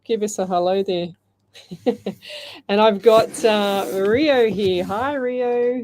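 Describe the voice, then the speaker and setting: Woman, middle-aged, live radio host in a studio; mellow tone, rambling, filler-heavy delivery. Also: medium pitch, slow pace, slight background noise. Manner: chatty, rambling, many fillers and restarts. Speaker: radio host and psychic medium. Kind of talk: live radio call-in chat. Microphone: headset.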